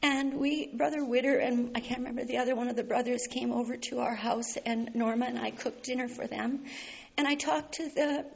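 A woman's voice: on the high side, fairly even intonation, fairly quick, vocal fry, breathy edge. Tearful woman sharing a testimony. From Canada. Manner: earnest, laughing through tears, heartfelt. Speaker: speaker sharing a personal testimony. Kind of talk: emotional personal storytelling. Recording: slightly dull recording with faint hiss.

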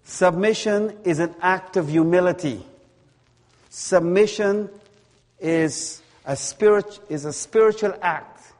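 A man delivers a sermon at a very slow, measured pace, stressing key words again and again. His voice sits a little higher than most men's. The sound carries a long reverb, as in a church hall. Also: darkish tone. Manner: slow, deliberate preaching with emphatic repetition. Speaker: preacher.

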